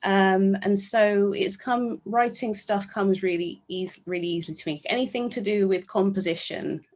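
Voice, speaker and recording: A woman's voice: medium pitch, moderate pace, a little mellow. A woman with a British accent, a knitwear designer guest in a casual interview, speaking thoughtfully with many hesitations. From England.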